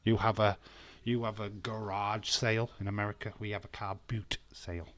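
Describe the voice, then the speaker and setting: Low-voiced British man chatting on stream. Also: flat delivery, normal speed, fairly bright tone. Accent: British English. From England. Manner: banters and reads chat comments aloud, laughing often. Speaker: watch-along host. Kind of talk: casual live-stream chat.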